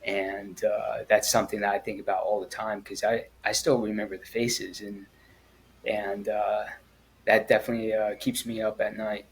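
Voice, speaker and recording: A man, a former Marine, telling his story in an interview in a halting, earnest way, with frequent pauses and restarts. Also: lowish voice, flat delivery, slightly rough, poor audio. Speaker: guest, former Marine at the Kabul airport evacuation.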